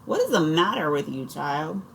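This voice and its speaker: An exasperated, short-tempered mother from an audiobook, scolding her children, as a woman reads her. Her scolding is pitched up from a low, dark base. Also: very animated, moderate pace, creaky, a little hiss or hum, exaggerated voice.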